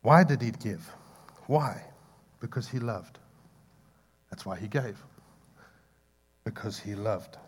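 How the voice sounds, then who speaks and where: A man preaching a sermon, swinging between loud impassioned pleading and soft asides to the congregation. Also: fairly low pitch, animated, takes it slowly, pauses often, husky. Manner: impassioned, building to loud pleading peaks then dropping soft. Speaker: pastor.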